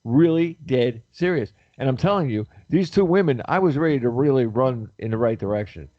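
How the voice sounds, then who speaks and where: A man telling an animated story in casual talk-show chat, acting out the people he quotes. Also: mid-range voice, fairly quick, no echo. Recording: dry, dull lo-fi audio.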